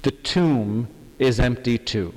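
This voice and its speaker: An earnest male priest preaches at an unhurried, deliberate pace, his mid-pitched voice carrying through a large empty church. Long reverb trails behind each phrase, and the delivery stays measured and sincere. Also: a little mellow. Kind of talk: sermon.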